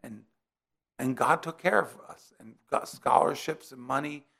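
A man's voice: medium pitch, a little slow, creaky, fairly bright tone. A middle-aged man from New Jersey preaching a sermon in a conversational way, weaving in personal stories.

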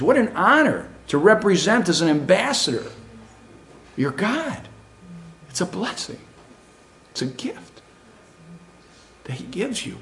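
Animated and rather high-pitched, a middle-aged man preaches a sermon packed with rhetorical questions for his congregation.

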